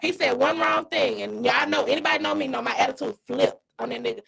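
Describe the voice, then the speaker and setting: A woman co-hosting a podcast, telling a story in a blunt, animated, profane way. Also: high voice, fast talker, gravelly, poor audio. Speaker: podcast co-host and dog breeder. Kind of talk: casual storytelling.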